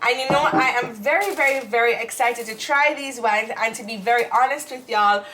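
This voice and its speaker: A Jamaican woman co-hosting a relaxed chat show. Her voice sits a little high and she talks in loose, rambling runs with plenty of fillers. A faint hiss hangs under the recording. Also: brisk. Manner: chatty, rambling with fillers and restarts. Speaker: co-host. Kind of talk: casual chat.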